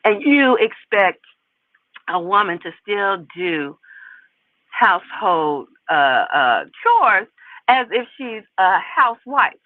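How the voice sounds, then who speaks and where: A woman delivers casual opinion commentary to her viewers. Her pitch swings up and down constantly and she leans on repetition to drive her points home. The sound is thin and phone-like, with a dry, close feel. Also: takes it slowly, no room sound. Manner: animated, talks straight to viewers, lots of repeated emphasis. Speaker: commentary channel host.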